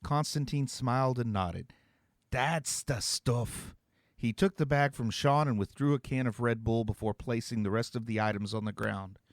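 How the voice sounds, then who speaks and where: A man reading his own novel aloud as an expressive storyteller. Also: mid-range voice, normal speed, few pauses, no echo, studio quality. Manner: expressive storytelling, voicing several characters. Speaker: author and narrator. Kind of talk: scripted narration.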